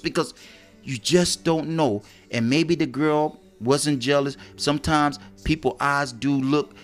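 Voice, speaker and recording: A man co-hosting a casual advice chat, drawing words out emphatically and using street slang. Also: a little high. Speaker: co-host.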